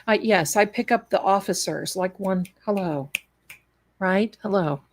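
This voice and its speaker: A woman from Tennessee, telling a story in a lively, laughing way on a live stream. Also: medium pitch, normal speed. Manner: animated, laughing, quotes others in put-on voices. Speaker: storyteller guest.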